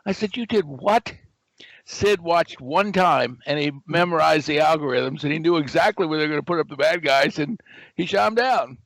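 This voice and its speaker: Speaking a little fast in a fairly high-pitched voice, this older American guest, who founded a game company, spins a lively story and performs the lines he quotes. There's no echo, but the recording quality is low.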